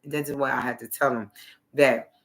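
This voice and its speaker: A man's voice: mid-range voice, steady tone, normal speed, gravelly, fairly bright tone. A man hosting a live video stream, talking in a rambling, repetitive way and often trailing off mid-sentence. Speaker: livestream host. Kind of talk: rambling livestream monologue.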